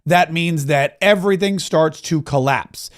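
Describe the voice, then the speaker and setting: A man's voice: a little high, measured pace. A man hosting a political commentary show, talking casually and emphatically, rambling with frequent restarts.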